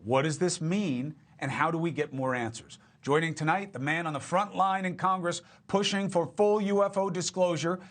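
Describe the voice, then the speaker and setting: A man anchoring a cable news show, speaking in a fairly high voice. He leans hard on key words and keeps his delivery punchy and emphatic. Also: moderate pace, hardly any pauses, fairly bright tone.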